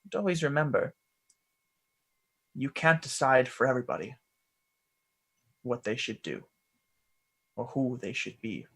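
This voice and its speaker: Man putting on a soft-spoken fey mentor, patient and unhurried, speaking gently to a young pupil. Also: mid-range voice, lively intonation, creaky, husky, full character voice. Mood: gentle, wise. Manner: gentle, slow, patient lecturing. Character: calm wise male fey mentor.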